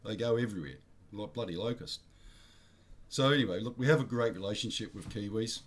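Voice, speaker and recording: A man's voice: on the low side, a little fast. Blunt, rambling Australian man. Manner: blunt, rambling, slangy, self-correcting. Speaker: vlogger. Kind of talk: casual opinion monologue.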